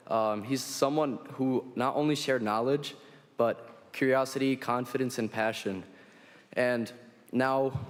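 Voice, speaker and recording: A man's voice: medium pitch, in a large hall. A teenage boy giving a short, hesitant tribute to a teacher at a ceremony. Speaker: student honoring a teacher. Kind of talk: prepared speech at a ceremony.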